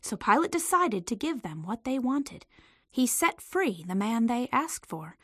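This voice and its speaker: A woman reading a storybook aloud in an expressive, lively way. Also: fairly high pitch, a little slow, slightly rough, no echo, studio quality.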